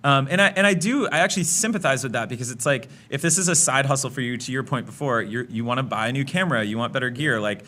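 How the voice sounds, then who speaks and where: A man with a bright, forward voice talks as a guest on a casual podcast. He is chatty, uses plenty of fillers and laughs easily. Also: mid-range voice, fast talker, hardly any pauses. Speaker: guest, app product lead.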